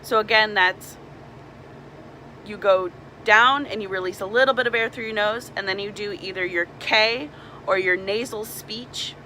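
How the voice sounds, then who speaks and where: A woman's voice: medium pitch, moderate pace, pushed and bright, slight background noise, rough recording. A young woman, a mermaid performer, casually explaining swim tips and demonstrating nasal sounds.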